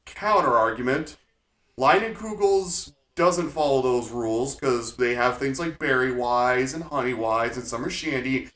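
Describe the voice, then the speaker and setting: A man's voice: mid-range voice, a little slow, hardly any pauses, fairly bright tone. A young adult man co-hosting a casual podcast chat, prompting questions and playfully arguing back. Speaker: co-host, son. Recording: echoey room.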